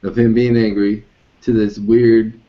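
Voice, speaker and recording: A man in casual chat, commenting in a measured way. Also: fairly low pitch, little pitch movement. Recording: dull lo-fi sound.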